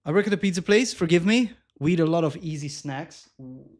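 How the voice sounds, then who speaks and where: A man chatting casually on a live cooking stream, animated and self-mocking, laughing often and reading viewer comments aloud. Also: fairly high pitch, fairly quick. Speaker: livestreamer.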